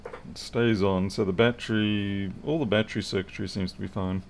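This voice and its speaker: During a live stream, a man who repairs electronics mumbles his thoughts to himself as he works. His voice is lowish with vocal fry, the intonation fairly even, the pace moderate, and a little noise sits behind him.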